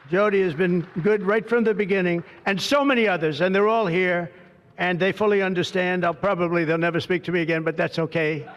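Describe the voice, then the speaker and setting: Older male speaker, off-the-cuff political address, boastful and digressive, fairly high voice, long hall reverb. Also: a bit bright. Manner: boastful, digressive, heavy superlatives. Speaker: president giving a speech. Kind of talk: rambling off-the-cuff political speech. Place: large hall at a signing event.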